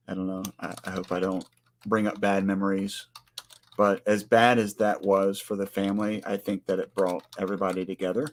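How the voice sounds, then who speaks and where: A man in his forties co-hosting a casual livestream, speaking earnestly and greeting viewers by name. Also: on the low side. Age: 40s. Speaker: livestream co-host.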